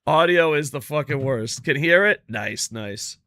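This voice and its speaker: Bright, profane streamer man. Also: on the high side, a little slow, no room sound. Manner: profane, excitable, grumbles at his stream tech. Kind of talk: casual gameplay chat.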